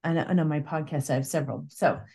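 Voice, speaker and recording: A woman's voice: low voice, steady tone, fast talker, creaky, mellow, breathy edge. A woman hosting an interview podcast, upbeat and chatty, reading out her guest's bio. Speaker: podcast host. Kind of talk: casual interview chat.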